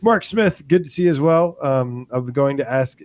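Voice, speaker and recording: A man's voice: mid-range voice, moderate pace, a little mellow. A man co-hosting a live gaming stream, reading viewer names in a playful, laughing, sing-song way. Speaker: podcast co-host. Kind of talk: reading chat shout-outs.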